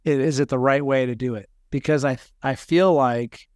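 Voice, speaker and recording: A man's voice: mid-range voice, fairly even intonation, moderate pace, a little mellow, clean tone, no room sound, clean studio sound. A man hosting a casual podcast, talking in a rambling way with many restarts. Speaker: podcast host, firefighter.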